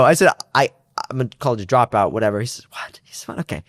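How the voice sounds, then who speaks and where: Animated young man retelling a story. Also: mid-range voice, brisk, no room sound, clean studio sound. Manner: animated, acts out both sides of phone calls, many restarts and fillers. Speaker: startup founder and guest. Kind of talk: casual storytelling interview.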